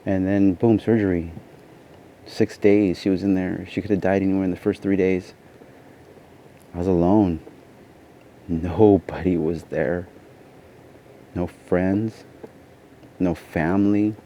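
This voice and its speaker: A man's voice: low-pitched, fairly even intonation, slow, pauses often. A tired man telling a personal story in a casual vlog, rambling and saying "you know" constantly. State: tired from lack of sleep. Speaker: vlogger. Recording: dull lo-fi sound with faint noise.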